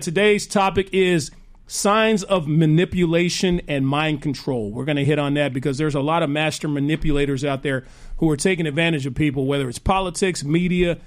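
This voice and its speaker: Hyped joking male radio host. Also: fairly high pitch. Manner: hyped, joking, laughs often. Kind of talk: live radio talk show chat. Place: radio studio.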